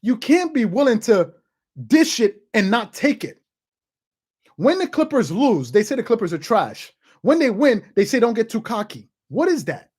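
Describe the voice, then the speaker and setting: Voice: mid-range voice, big pitch swings, normal speed, a little mellow, slightly rough. A person in their thirties hosting a sports channel, giving emphatic opinion commentary and repeating points for emphasis. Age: 30s. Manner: emphatic and repetitive, hammering points home.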